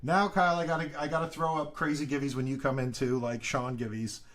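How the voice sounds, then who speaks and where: A man hosting a casual live stream, telling rambling stories and greeting viewers by name with excitement. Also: mid-range voice, quick pace. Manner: chatty rambling storytelling. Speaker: live stream coin seller.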